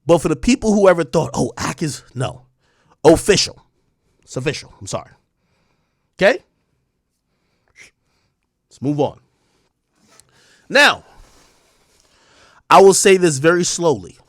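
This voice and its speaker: A man in his thirties streams to his chat, insistent and defiant, repeating himself for emphasis and swearing freely. His voice sits a little high and jumps around a lot in pitch. The sound is dry and close, with no room around it. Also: big pitch swings, unhurried, long pauses, dry recording. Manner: emphatic, repetitive, defiant, with profanity. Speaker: streamer host. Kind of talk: livestream monologue to chat.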